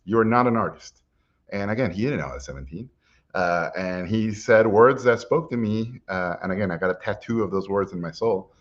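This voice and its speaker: A middle-aged man telling a personal story in a lively way, acting out what people said to him, with frequent "uh"s. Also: sits low, a little fast, lo-fi sound. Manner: lively anecdotal, acts out quotes, frequent "uh". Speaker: animation guest speaker.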